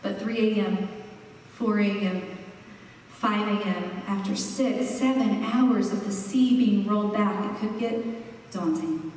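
A woman's voice: mid-range voice, slight background noise. Woman preaching in an echoey hall. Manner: expressive, slows for emphasis. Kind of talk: sermon. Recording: echoey hall, mic far off.

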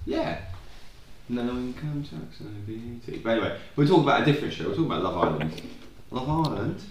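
A man's voice: medium pitch, very animated, quick pace, reverberant, a little hiss or hum. A young man co-hosting a podcast, chatting casually and rambling off on tangents with plenty of swearing. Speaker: podcast co-host. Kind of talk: casual chat.

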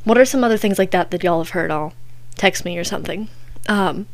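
A woman's voice: on the low side, brisk. Giggly young woman chatting. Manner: giggly, chatty storytelling full of "like". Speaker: podcast host. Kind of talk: casual chat.

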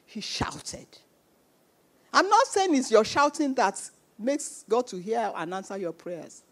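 Woman preacher, high voice, slow delivery, emphatic, repeats phrases. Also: big pitch swings, fairly bright tone. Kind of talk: sermon.

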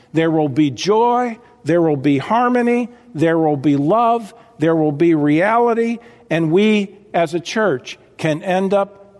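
A man preaching a sermon as pastor, fervent, dropping low and quiet and then rising sharply. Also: big-room sound.

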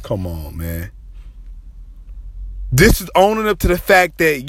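A man preaching with fervent, repetitive intensity, his voice sitting a little high for a man. He stretches phrases and lets some lines rise into a half-sung cry. The sound is close and dry, with no room around it. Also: huge pitch swings, a bit bright, no echo. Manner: impassioned, repetitive, dramatic pauses, half-sung cries. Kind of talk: sermon.

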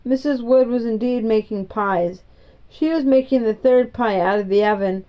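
A woman reading a children's chapter book aloud in a gentle, even storytelling manner. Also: a little high, normal speed. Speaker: reader. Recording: dull lo-fi recording.

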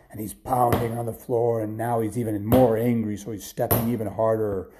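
A man reading a bedtime story aloud, animated and dropping to whispers for suspense. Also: fairly low pitch, moderate pace, hardly any pauses, background noise.

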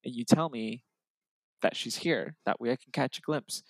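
An excitable young man chats on a podcast, acting out the voices as he tells a story. His voice sits at a middle pitch. The sound is dry and close to the mic. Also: moderate pace, no echo. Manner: animated storyteller, excitable, acts out dialogue. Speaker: podcast co-host. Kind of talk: casual chat.

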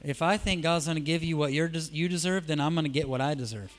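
A man preaching a sermon in a church, telling stories in a casual, conversational way, shifting from soft asides to loud emphatic peaks. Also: a little high, fast. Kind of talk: sermon with storytelling.

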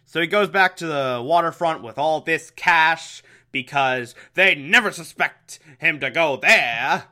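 A man's voice: fairly high pitch, a little slow, pushed and bright. A man giving a casual, amused recap of a TV episode, often breaking into laughter.

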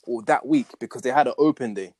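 A man's voice: medium pitch, fast, darkish tone, no room sound. Young man, dry close voice. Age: young adult. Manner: slangy, matter-of-fact retelling. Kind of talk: casual storytelling chat.

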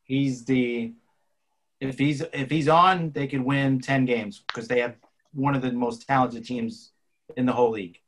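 A man's voice: mid-range voice, steady tone, a little slow, low-quality recording. A man casually weighs his football predictions. He hesitates often and repeats his words as he thinks. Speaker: podcast co-host. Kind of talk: casual sports talk.

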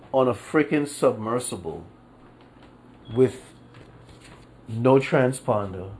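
Over slight background noise, a man with a mid-range voice rants on his casual solo podcast. He sounds disbelieving and draws out his emphasis, rambling profanely with plenty of repeats and fillers.

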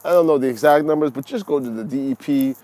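A middle-aged man talks in a casual, lively monologue, calling his listeners "y'all" and drifting into preachy advice. His voice is mellow and warm, set at an ordinary middle pitch for a man. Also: fast. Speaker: fishing podcaster.

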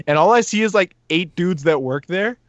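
A young man casually telling a story on a podcast, animated, laughing often and acting out what people said. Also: high-pitched, normal speed, no echo, lo-fi sound.

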